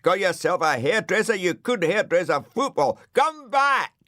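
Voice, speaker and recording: A sulky, self-important dog grumbles in a grand, aggrieved tone, as a man puts him on. The storybook voice swings widely in pitch and takes its time. The sound is close and dry. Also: very animated, unhurried, no room sound, heavily acted. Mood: outraged. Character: grumpy huffy pompous male dog. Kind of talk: audiobook character voice.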